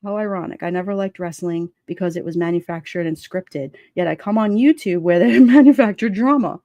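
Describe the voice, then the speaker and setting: A woman's voice: lowish voice, fairly quick, warm tone, no room sound. A woman hosting a casual livestream, chatting and reading comments from her chat in a rambling way, laughing often. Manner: rambling, laughs often, lots of fillers and restarts.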